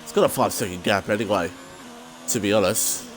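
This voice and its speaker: A man commentating a sim racing league race, excitable and self-deprecating, his voice jumping high when battles get close. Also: a little fast, a little hiss or hum.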